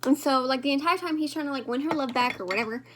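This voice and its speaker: A woman's voice: high-pitched, fast talker, noisy background. A woman vlogger chatting casually and rambling to her viewers while she does her makeup. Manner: rambling, talks to viewers directly.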